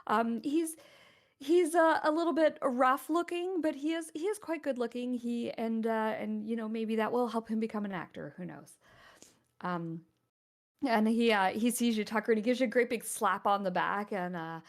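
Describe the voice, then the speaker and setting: A woman narrating as game master of a tabletop game, in a hesitant, casual way full of pauses and restarts. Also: fairly high pitch.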